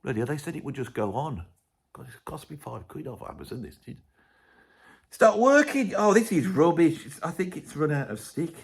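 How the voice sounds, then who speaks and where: A man, a music vlogger, ranting to camera in a casual, opinionated way, sarcastic and swinging between loud outbursts and muttered asides. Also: on the high side, very animated, moderate pace, creaky, slightly rough.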